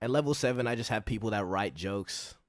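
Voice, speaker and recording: A man's voice: fairly low pitch, brisk, a little hiss or hum. A man narrating a comedy commentary video in a dry, explanatory way. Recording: narration over loud background music.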